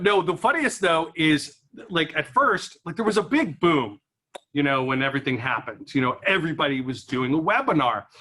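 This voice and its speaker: A man's voice: on the high side, sharp tone. A man doing stand-up comedy at an office event. He rambles in a chatty way and laughs at his own jokes.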